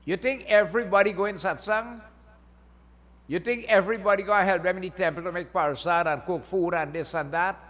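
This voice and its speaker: A wheedling male demon of the dark age begs, then bargains, voiced by a man telling a scripture story. His voice is bright and fairly high. A long reverb from a temple hall trails every word. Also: steady tone, fairly quick. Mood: sly. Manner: begging, then bargaining slyly.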